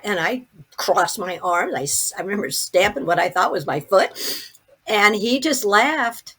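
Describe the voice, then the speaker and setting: An older woman with a husky, slightly breathy voice recounts a personal experience as a podcast guest. She tells it vividly, often stopping and restarting her sentences. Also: fairly low pitch, unhurried. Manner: vivid, animated retelling with many restarts. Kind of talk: personal storytelling.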